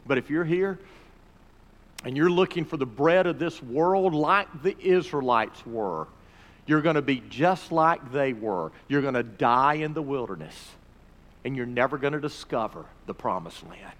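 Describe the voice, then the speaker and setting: A man pastor preaching a sermon, rising to emphatic peaks and dropping to quiet, earnest pleas. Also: mid-range voice, expressive, measured pace. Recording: reverberant hall recording.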